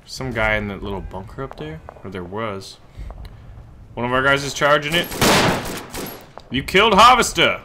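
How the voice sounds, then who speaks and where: A man giving excitable let's play commentary while playing a shooter game, often swearing and shouting at the action. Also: mid-range voice, moderate pace, long pauses, background noise. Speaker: gaming YouTuber. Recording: loud game gunfire behind voice. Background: game gunfire and explosions.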